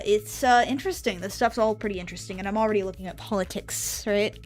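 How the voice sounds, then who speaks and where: Rambling woman streamer, offhand chat. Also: medium pitch. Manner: rambling, offhand, drifting asides. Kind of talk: casual live-stream chat.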